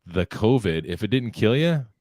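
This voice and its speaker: Low deep guy on a podcast, easygoing joking storyteller, dry mic. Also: very animated, moderate pace, darkish tone, no room sound. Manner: laid-back storytelling, joking. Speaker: podcast co-host. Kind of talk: casual chat.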